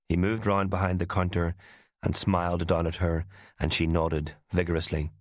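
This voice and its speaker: A man narrating a thriller audiobook in a measured storytelling manner. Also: low-pitched, flat delivery, no echo, clean studio sound.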